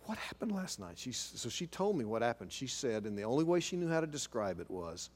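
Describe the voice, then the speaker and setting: A middle-aged man from Oklahoma preaching, telling a story with lively delivery and dropping to a hushed voice when quoting others. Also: medium pitch, fast talker. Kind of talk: sermon storytelling.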